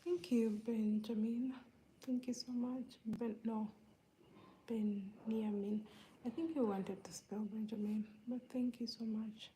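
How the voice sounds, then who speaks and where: A woman from Uganda hosting a live stream, greeting viewers one by one in a soft, laid-back, whispery way while feeling under the weather. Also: fairly high pitch, fairly even intonation, unhurried, a little hiss or hum, poor audio. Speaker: livestream host greeting viewers.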